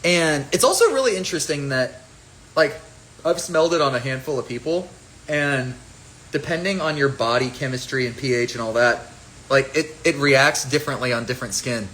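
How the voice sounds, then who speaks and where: A man's voice: mid-range voice, lively intonation, moderate pace, a bit bright, a little hiss or hum, poor audio. A man chatting casually on a phone livestream about his own fragrance, rambling and playful as he jumps between topics.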